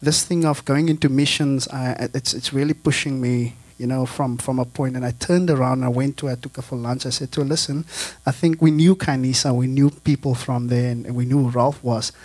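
A man's voice: medium pitch, steady tone, fairly quick, few pauses, a little mellow, no room sound. A South African man, a guest missionary, casually telling stories to a church audience, laughing often and repeating words as he talks.

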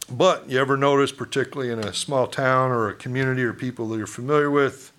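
A man's voice: mid-range voice, steady tone, fast, hardly any pauses, a bit bright. A middle-aged man preaching a sermon as pastor, in a conversational way, asking the congregation questions and acting out townsfolk.

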